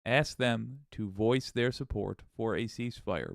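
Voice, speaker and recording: A man's voice: mid-range voice, unhurried, creaky, hardly any pauses, dry recording, studio quality. A man hosting a casual live stream, greeting his viewers by name in an upbeat way and often restarting his sentences. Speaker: livestream host.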